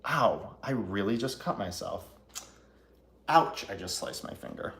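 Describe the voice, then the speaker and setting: A chatty man with a slightly low voice, streaming live while he bakes at home. He jokes and laughs easily as he talks to viewers. Faint clinks of dishes and cutlery sit behind him. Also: animated, measured pace, fairly bright tone, slight background noise. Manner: chatty, laughs often, jokey. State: laughing through a cut finger. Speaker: baker hosting a live stream. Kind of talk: casual live-stream chat. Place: home kitchen.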